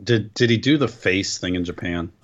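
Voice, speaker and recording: A man's voice: deep voice, moderate pace, highs cut off. A man co-hosting a wrestling podcast, chatting casually with wry, dry jokes and lots of questions. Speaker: podcast co-host.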